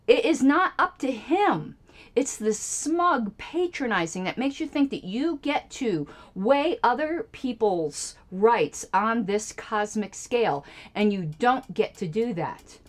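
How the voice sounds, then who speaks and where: A woman hosting a radio show, giving sarcastic, indignant political commentary on clips she plays. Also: fairly high pitch. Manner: sarcastic and indignant, jokey asides.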